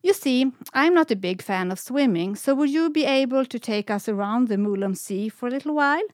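A woman's voice: a little high, lively intonation, a little fast, dry recording, clean studio sound, pitched above the performer's own voice, lightly acted. A woman voicing a cheeky, fanciful little dog. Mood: playful. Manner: convincing, playful, proud.

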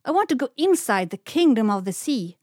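A woman's voice: on the high side, very animated, fairly quick, darkish tone, no room sound, clean studio sound, voice pushed up. A woman reading a storybook, voicing a cheeky little female dog who talks convincingly and proudly. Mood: playful.

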